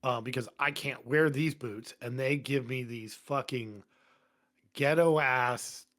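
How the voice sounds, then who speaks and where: A firefighter appears as a guest in a podcast studio, speaking slowly in a medium-pitched voice. He tells long stories in blunt, casual, profanity-laden talk, animatedly voicing the people in them.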